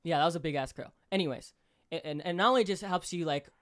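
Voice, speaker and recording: A man's voice: on the high side, quick pace, a bit bright. A young man co-hosting a podcast, retelling a true crime case in casual chat, swearing constantly and acting out the people he quotes, with lots of fillers. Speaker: podcast co-host.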